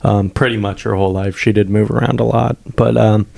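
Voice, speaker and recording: A man's voice: fairly low pitch, flat delivery, fairly quick, vocal fry, dark tone. A man co-hosting a podcast, a stand-up comic telling stories in casual, profane chat and laughing often.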